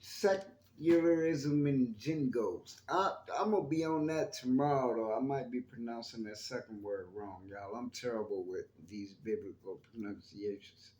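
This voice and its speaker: A man's voice: fairly low pitch, moderate pace, hardly any pauses, darkish tone, echoey room. A man hosting his own channel, talking to viewers in a rambling, chatty monologue about his faith. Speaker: YouTube channel host. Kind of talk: casual spoken monologue on faith.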